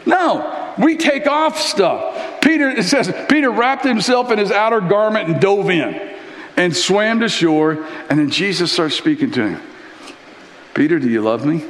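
A man preaching a sermon in a church, telling Bible stories in an animated, conversational way. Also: high voice, unhurried. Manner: animated storytelling, acting out Bible characters. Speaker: pastor. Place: church hall. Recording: echoey hall reverb.

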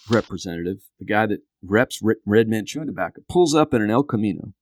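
A man in his fifties with a voice on the low side is a podcast guest telling a long story in a casual way. He's an animated storyteller who acts out what others said, and the clean studio recording has no room sound.

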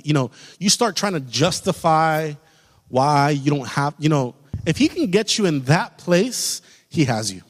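A man preaching a sermon as pastor, building to loud, fervent peaks and then dropping soft. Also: fairly high pitch, very animated, unhurried. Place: church sanctuary. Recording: long reverb of a large hall.

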